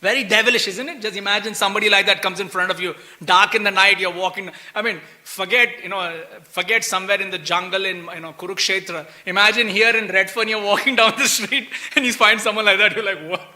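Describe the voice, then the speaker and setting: A man teaching a scripture class in a temple hall, with a high, piercingly bright, tense voice. He tells the old story as an easygoing chat, full of "you know" and little chuckles, as if he were talking with friends. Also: quick pace, hardly any pauses. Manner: chatty, animated retelling, chuckles often, many "you know" fillers.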